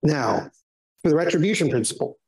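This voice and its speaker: Animated male Bible teacher. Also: fairly high pitch, fairly quick, rough recording. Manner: conversational, reads scripture aloud with emphasis; sarcastic asides, animated questioning.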